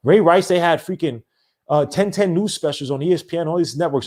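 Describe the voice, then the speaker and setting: A man hosting a sports podcast, ranting in a rambling, animated way with many restarts. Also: on the high side, fast talker. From not from the American South. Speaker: podcast host. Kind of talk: casual solo sports talk.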